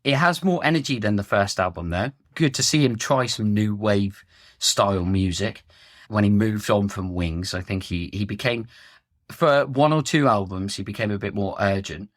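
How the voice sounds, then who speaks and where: A man's voice: on the low side, moderate pace, no room sound. A man co-hosting a music podcast, giving a long, frank and critical monologue with dry, joking asides. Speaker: podcast co-host. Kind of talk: opinionated casual chat.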